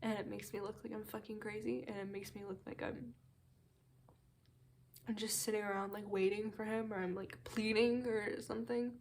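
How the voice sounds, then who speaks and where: A sad, teary woman talking to camera in a confessional video diary at home, rambling and halting, sometimes trailing off into soft whispers. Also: medium pitch, flat delivery, slight background noise. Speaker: vlogger.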